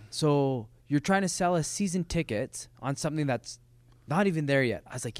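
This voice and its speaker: A man, a soccer player guest, telling stories in a casual podcast chat, animated and quick to laugh. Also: fairly high pitch, no echo. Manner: animated, laughing often, talks in quick bursts.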